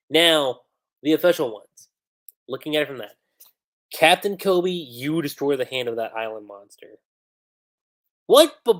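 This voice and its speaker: A man hosting a livestream, reading manga dialogue aloud and commenting on how two translations differ, acting out the lines with lively emphasis. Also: a little high. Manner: reads character lines aloud with animated emphasis.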